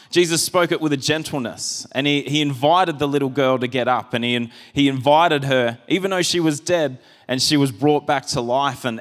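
A man's voice: fairly high pitch, fairly bright tone, long reverb tail. A man preaching a sermon as a pastor, chatty and casual, often restarting his phrases. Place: church hall.

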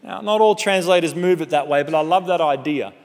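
High-voiced man preaching in a reverberant hall. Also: fairly quick. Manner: animated conversational preaching with humorous asides. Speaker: pastor. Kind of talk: sermon.

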